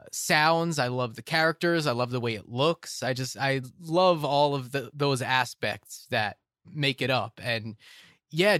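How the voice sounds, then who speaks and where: A man's voice: fairly high pitch, fairly bright tone, no echo, studio quality. Enthusiastic man hosting a film podcast. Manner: enthusiastic, repeats himself, restarts phrases. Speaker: podcast host. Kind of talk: casual film discussion podcast.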